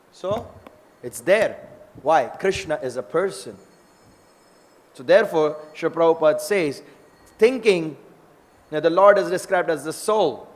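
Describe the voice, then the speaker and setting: A man's voice: a little high, expressive, unhurried, pauses often, big-room sound. A man giving a scripture lecture, telling stories in a conversational way and often checking in with his listeners. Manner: storytelling, conversational with tag questions.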